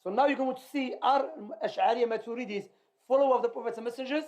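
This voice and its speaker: A man's voice: extremely high pitch, racing, darkish tone. A male teacher commenting on a reading in an emphatic, repetitive way, firing off rhetorical questions. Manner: emphatic, repeats points, asks rhetorical questions. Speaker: teacher leading a religious class.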